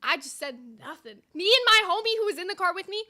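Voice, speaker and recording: A young woman co-hosting a casual podcast, telling a story in an animated, profane way with lots of "like". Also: very high-pitched, quick pace, few pauses. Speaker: podcast co-host.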